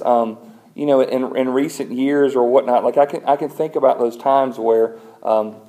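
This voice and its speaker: A middle-aged man, a pastor preaching a sermon in a conversational storytelling way. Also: medium pitch. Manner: conversational storytelling, animated when retelling.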